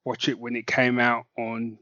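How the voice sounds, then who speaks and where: A man's voice: mid-range voice, completely flat delivery, normal speed, pushed and bright, no room sound. Man co-host, easygoing and wry, tangents welcome, dull close recording. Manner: dry, laid-back, rambling. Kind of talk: casual chat.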